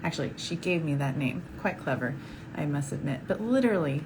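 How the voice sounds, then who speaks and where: Bubbly low-voiced woman doctor host. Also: big pitch swings, fast. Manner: bubbly, effusive, laughs often. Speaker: fertility doctor hosting a Q&A show. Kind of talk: casual to-camera talk. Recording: audible background noise.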